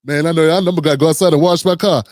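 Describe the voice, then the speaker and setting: A man's voice: on the high side, fairly even intonation, very fast, darkish tone, no echo, studio quality. A man hosting casual political reaction commentary, mocking and slangy, sometimes putting on voices.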